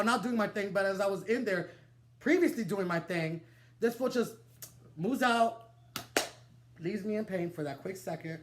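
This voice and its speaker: A young man telling a wild personal story to the camera, animated and dramatic, swearing freely and laughing through his digressions. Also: high voice. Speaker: vlogger. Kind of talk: storytime vlog, casual and profane.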